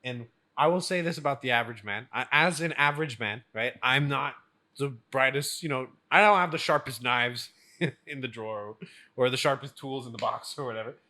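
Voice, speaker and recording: A man co-hosting a casual podcast chat, animated and laughing often as he acts out what others say. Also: mid-range voice, moderate pace. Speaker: podcast co-host.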